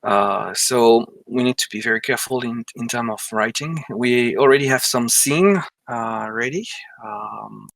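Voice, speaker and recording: A man's voice: mid-range voice, a little slow, vocal fry, fairly bright tone, no room sound. A man with a French accent, a game creator talking carefully and hesitantly in an online interview. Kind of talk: casual video-call interview.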